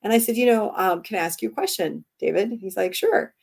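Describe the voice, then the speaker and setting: Animated woman author telling stories. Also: mid-range voice, fast, vocal fry, husky. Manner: animated storytelling, acts out quoted dialogue. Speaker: author and guest. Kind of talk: conversational interview.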